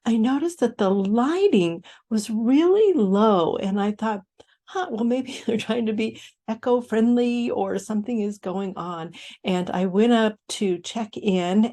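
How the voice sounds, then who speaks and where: A woman hosting an inspirational talk, speaking in a gentle, reflective way and walking through a personal example. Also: medium pitch. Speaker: host.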